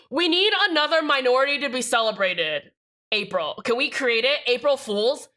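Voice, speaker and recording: A young woman streaming live, talking to her chat in a loud, excitable way that jumps from joke to joke. Her voice sits a little high and has a sharp, forceful edge. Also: normal speed. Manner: excitable, loud and rambling, jokey.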